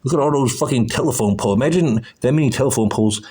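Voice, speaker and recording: A man's voice: medium pitch, rapid-fire, hardly any pauses, mellow, slightly rough. A man giving profane, agitated commentary on old photos, exclaiming as he goes. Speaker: video host.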